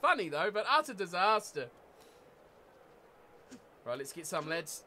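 A man with a New Zealand accent giving excitable live commentary while playing a rugby video game, often yelling at the screen. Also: high-pitched, measured pace. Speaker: gaming YouTuber.

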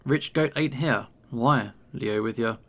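A man voicing a small, standoffish young bat in a visual novel, gruff and hostile. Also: medium pitch, takes it slowly, a bit bright.

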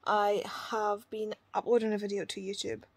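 A woman's voice: mid-range voice, moderate pace, slightly rough, no echo. Chatty young woman reviewing books. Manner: chatty, animated retelling with quoted voices and asides. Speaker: book vlogger. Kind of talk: casual book review vlog.

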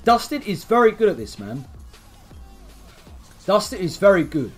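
A man's voice: high voice, sing-song, moderate pace, husky, faint music behind. Hyped young man commentating. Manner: swearing, hyped, rambling asides. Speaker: streamer commentating a game tournament. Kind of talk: excited play-by-play commentary.

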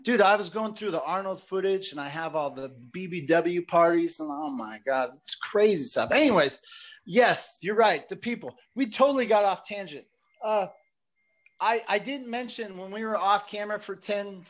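A man's voice: sits high, expressive, moderate pace. A man hosting a casual chat, telling long rambling stories and saying "dude" and "like" often. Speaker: podcast host.

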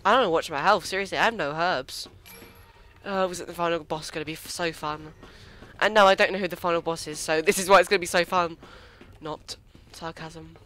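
Excitable man playing a game, bright voice. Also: high voice, fast. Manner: excitable, squeals and swears when startled. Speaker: let's play gamer. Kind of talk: casual gameplay commentary.

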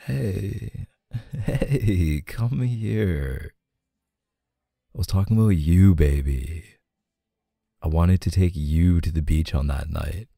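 A young man playing a teasing, apologetic boyfriend in a soft-spoken role-play, laughing often. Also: low-pitched, gravelly, dry recording, studio quality.

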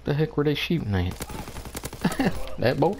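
A man's voice: on the high side, sing-song, slow pace, darkish tone, slight background noise. A man giving casual commentary over his own online shooter match, trash-talking opponents and laughing often. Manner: playful trash talk with frequent laughter. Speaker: gameplay commentator.

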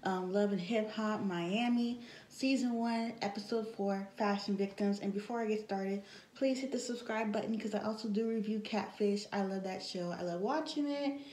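A woman's voice: mid-range voice, moderate pace, a little mellow, echoey room, rough recording. A woman recapping a reality TV episode in a casual, chatty way, full of fillers and blunt asides. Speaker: TV show reviewer.

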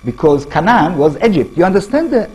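A middle-aged man with an Israeli accent giving a public lecture in halting English, restarting phrases and putting questions to the audience. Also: sits high, sing-song, darkish tone, breathy edge, low-quality recording.

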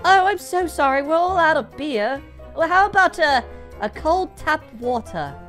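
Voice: high-pitched, expressive, moderate pace, fairly bright tone, soft background music, voice pushed up. An actor voicing a polite, flustered bartender with a British accent, fussy and apologetic.

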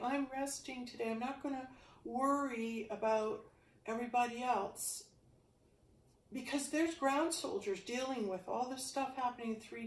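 A woman teaching a yoga class who talks about the spirit and asks earnest questions while she stretches. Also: a little high. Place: indoor room, exercise mat. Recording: roomy sound, distant from the mic.

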